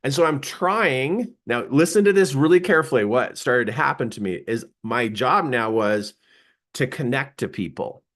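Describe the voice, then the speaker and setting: At a live seminar, a man with a medium-pitched voice tells a personal story at a moderate pace. He's animated, laughs often, and acts out the lines he quotes.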